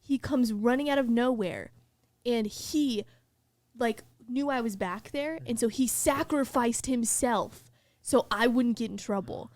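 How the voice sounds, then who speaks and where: A woman's voice: fairly high pitch, measured pace, no echo. A young woman hosting a podcast, telling a story animatedly with lots of "like" and laughter. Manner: animated storyteller, heavy use of "like", laughs mid-sentence. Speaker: podcast host. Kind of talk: casual chat, storytelling.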